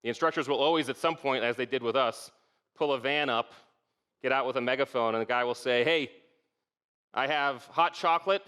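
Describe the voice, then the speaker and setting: A man's voice: mid-range voice, steady tone, fast, fairly bright tone, clean tone. A middle-aged man giving a conference leadership talk in a conversational way, often asking "okay?" and "right?" to check in with the audience. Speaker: keynote speaker.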